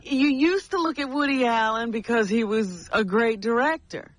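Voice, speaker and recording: A woman co-hosting a radio show in casual banter, chatty, quick to chime in and laugh. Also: fairly high pitch. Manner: chatty, chiming in with comments and laughing easily.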